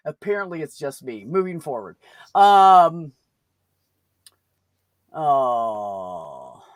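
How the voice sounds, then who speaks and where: A man's voice: a little high, very animated, very slow, pauses often, no room sound. Profane rambling man telling jokes. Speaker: open mic host. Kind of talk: casual joke telling.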